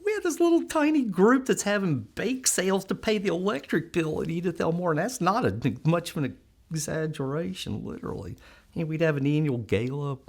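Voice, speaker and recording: Middle-aged man, fairly high voice, lively storyteller in a sit-down interview. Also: brisk. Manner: animated storyteller, acts out quoted voices, laughs often.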